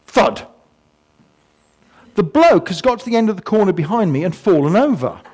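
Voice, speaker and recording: A man's voice: high-pitched, very animated, quick pace, darkish tone. An older man giving a humorous talk to an audience, telling stories with self-mocking asides and sound effects. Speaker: guest speaker. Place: museum talk before a live audience.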